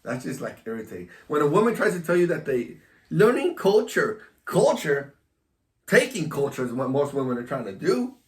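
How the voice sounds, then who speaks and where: A man's voice: medium pitch, big pitch swings, fairly quick. A man hosting a casual chat, provocative and teasing, laughing often. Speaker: host. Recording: echoey room, mic at a distance.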